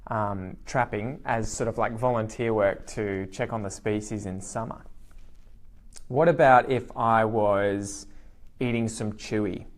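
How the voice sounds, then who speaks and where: A man with an Australian accent teaching slang in a live online lesson, lively and repeating key words slowly. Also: on the low side. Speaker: English teacher.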